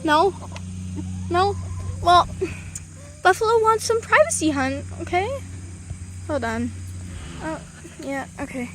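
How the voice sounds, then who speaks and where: Young woman, high voice, casual vlog, outdoors at a coop, handheld camera, faint clucking behind. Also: slow pace, long pauses, background noise. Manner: chatty, coaxing the hens with baby talk. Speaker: vlogger.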